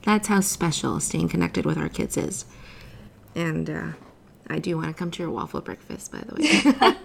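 A woman, a mother and former teacher, hosting a casual interview with lively talk, frequent laughs and restarts. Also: low voice, moderate pace, gravelly. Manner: animated, laughs often, many restarts. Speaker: podcast host.

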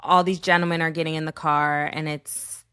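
Woman podcast host, low voice, animated storyteller, dry close sound. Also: moderate pace, clean tone, dry recording. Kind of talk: casual podcast conversation.

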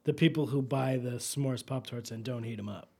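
A man's voice: medium pitch, normal speed, dark tone, slightly rough. A man co-hosting a podcast in casual chat, playful and jokey, swearing freely. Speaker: podcast co-host.

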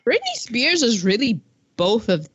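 A woman co-hosting a casual film-discussion chat, talking in an animated way and acting out lines from scenes. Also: fairly high pitch, a little slow, slightly rough. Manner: animated, acts out quotes from scenes. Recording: dull lo-fi recording.

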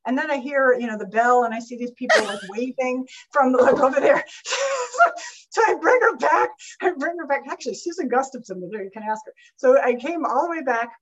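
Woman guest, higher-pitched and lively, webinar story over muffled audio. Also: quick pace, few pauses. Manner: animated, lively anecdotal telling. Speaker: guest speaker.

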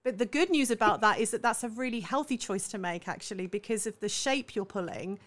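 A woman's voice: medium pitch, fairly quick, a bit bright. A woman from southern England working as a voice coach, explaining vocal technique in an enthusiastic, affectionate interview manner. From Salisbury, southern England. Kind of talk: conversational interview.

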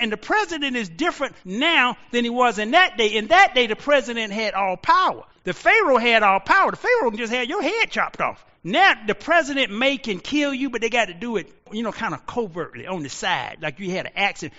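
A man in his sixties preaching a sermon as a pastor, telling stories and shouting out quoted lines. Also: very high-pitched, very animated, fairly quick, hardly any pauses, in a large hall, dull audio. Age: 60s.

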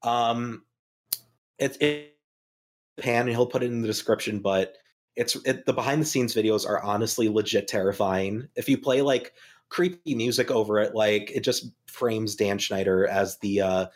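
Podcast co-host, mid-range voice, dry and deadpan, halting with fillers. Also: medium pitch. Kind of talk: casual chat.

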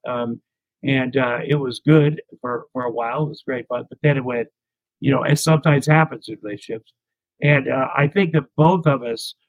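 A man's voice: medium pitch, no echo, lo-fi sound. A middle-aged man from the United States, a comedian telling candid stories as an interview guest, rambling and self-deprecating. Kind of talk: candid anecdotal storytelling.

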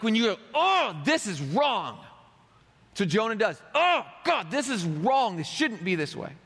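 High-voiced preacher in a reverberant hall. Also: male voice, a bit bright. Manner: dramatic, acts out quoted voices. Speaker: pastor. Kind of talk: sermon.

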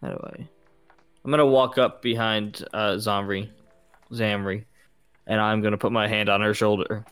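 A man's voice: fairly low pitch, flat delivery, moderate pace, long pauses, fairly bright tone, clear, resonant tone. A man playing a tabletop game, explaining his turn in an easygoing way and thinking aloud. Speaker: player. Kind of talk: casual tabletop play.

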